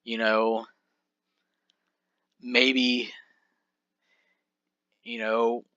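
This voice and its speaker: A man voicing a calm male wrestler who talks his upset partner down, in a dull, dry recording. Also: mid-range voice, extremely slow, clean tone, no room sound. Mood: placating. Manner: reasoning, placating.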